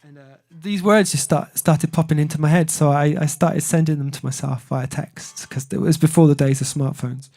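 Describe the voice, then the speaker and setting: A man's voice: a little high, steady tone, moderate pace, creaky, few pauses, a little mellow, faint music behind. Rambling man chatting on stream. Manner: rambling, self-deprecating, many fillers. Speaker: singer-songwriter streamer. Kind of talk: casual livestream chat.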